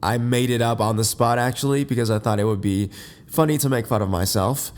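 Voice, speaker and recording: A man hosting a casual, rambling podcast from his bed. He has just woken up, and his voice is deep and a little congested. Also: brisk. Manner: rambling, many fillers and restarts. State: groggy, just woke up. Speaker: podcast host. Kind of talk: casual unscripted podcast monologue. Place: in bed at home.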